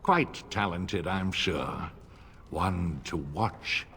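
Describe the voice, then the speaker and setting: A courtly older lord from a fantasy game, very deep and formal, politely deferential. There is a long reverb on the voice with faint music. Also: male voice, drawn-out words, gravelly, a bit bright, a little hiss or hum, heavily acted. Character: older, smooth-mannered noble vassal lord.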